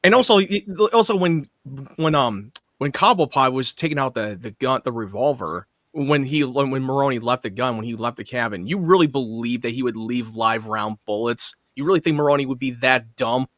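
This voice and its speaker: Guy cohosting a tv recap show, laughs a lot, swears, dead dry close sound, middle pitch. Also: fairly quick, dry recording. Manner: excited, laughing often, swearing. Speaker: podcast co-host. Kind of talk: casual chat.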